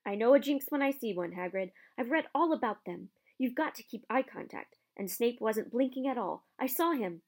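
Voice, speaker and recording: A woman's voice: a little high, lively intonation, moderate pace, few pauses. A woman doing a fiery bookish schoolgirl. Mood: insistent. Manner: emphatic, know-it-all.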